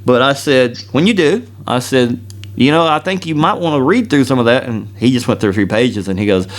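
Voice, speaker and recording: A man hosting a podcast, telling a story in a rambling, animated way and often laughing. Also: mid-range voice, fairly quick. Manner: rambling, with many restarts. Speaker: podcast host. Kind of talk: casual storytelling chat.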